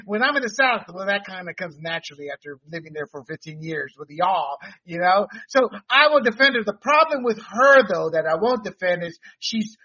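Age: adult. Sex: man. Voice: high, husky. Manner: laughing, digressive. Role: host. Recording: muffled. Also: big pitch swings, normal speed, few pauses, bright, forceful tone. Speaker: podcast host. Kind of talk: casual chat.

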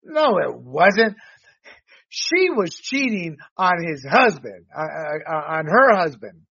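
A man hosting a political commentary podcast, talking in an animated, rambling way with restarts and laughs. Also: fairly high pitch, slow, gravelly, breathy edge. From Latino background. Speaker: podcast host. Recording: dull lo-fi sound.

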